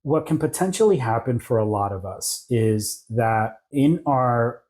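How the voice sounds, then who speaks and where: A man's voice: medium pitch, animated, unhurried, a little mellow. A middle-aged man, a licensed therapist, talking reflectively in an interview and often checking in with his listener. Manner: reflective, affirming, keeps checking in with "right?". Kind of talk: conversational interview.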